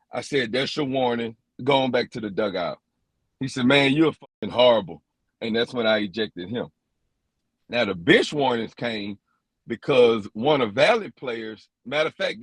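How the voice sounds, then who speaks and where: A man's voice: mid-range voice, a bit bright, husky, no room sound. A man, an umpire, recounting a tense game in a podcast interview, quoting exchanges word for word.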